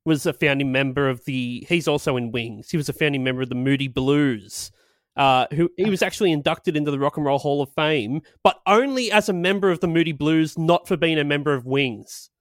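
Young aussie guy, blunt sweary banter, bit higher voice, dry close mic. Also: brisk, no echo. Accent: Australian. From Australia. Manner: swears freely, laughs often, blunt banter. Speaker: podcast co-host. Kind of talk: casual chat.

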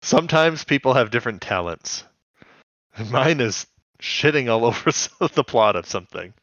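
A man's voice: medium pitch, lively intonation, moderate pace, a bit bright, dry recording. Guy co-hosting a cartoon recap show, laughs a lot, kinda muffled dry recording. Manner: laughs often, recaps scenes in acted quotes. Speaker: podcast co-host. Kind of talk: casual chat.

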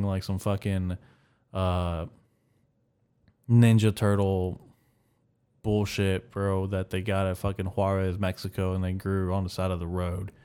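A young man hosting a solo comedy podcast, rambling crudely and telling dark jokes deadpan. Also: low voice, clean tone. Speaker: podcast host.

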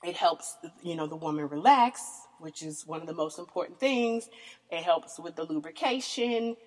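Expressive and speaking at normal speed, this podcast host is a Southern woman in her thirties sharing candid, casual stories. She's blunt and profane, laughs a lot, and her voice jumps high in mock disbelief. A long reverb tail trails her words.

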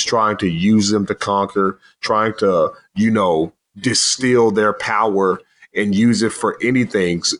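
Lower-pitched man rambling casually. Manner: rambling, animated, swears casually. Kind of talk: casual movie discussion.

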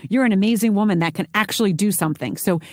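A woman's voice: medium pitch, fast, no room sound, studio quality. A woman hosting a podcast interview, talking in a passionate, emphatic way and cheering her guest on. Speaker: podcast host.

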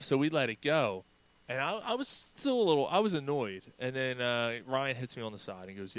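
A man's voice: medium pitch, animated, a little fast, fairly bright tone, no echo. A man co-hosting a casual sports podcast, telling stories with lots of swearing and acted-out quotes. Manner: storytelling, profane, acts out quotes. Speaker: podcast co-host.

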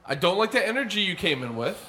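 A man's voice: sits high, sing-song, quick pace, bright, forceful tone, slight background noise. A man co-hosting a comedy podcast, flustered and stammering, repeating words as he questions the other speaker. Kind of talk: improvised comedy podcast bit.

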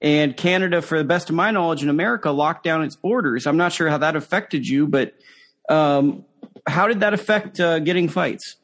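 Male interviewer, somewhat high voice, conversational, rambling questions. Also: normal speed, fairly bright tone. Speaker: interview host.

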